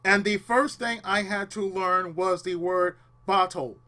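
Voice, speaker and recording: A man's voice: high-pitched, steady tone, unhurried, pushed and bright. A man hosting a casual chat with friends, joking, swearing freely and acting out little scenes. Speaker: podcast host. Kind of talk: casual banter among friends.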